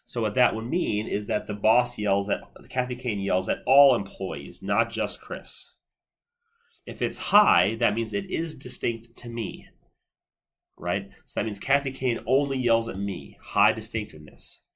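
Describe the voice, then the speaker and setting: A man lecturing on psychology in a relaxed, conversational way, walking through examples step by step and checking in with his listeners. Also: fairly low pitch, measured pace. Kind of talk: recorded university lecture.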